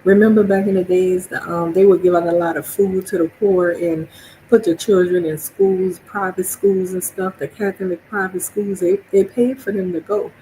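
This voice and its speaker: A woman's voice: lowish voice, steady tone, normal speed, warm tone, slight background noise, low-quality recording. A woman from New Orleans with a New Orleans accent, streaming a casual monologue, chatty and laughing often as she acts out her own reactions.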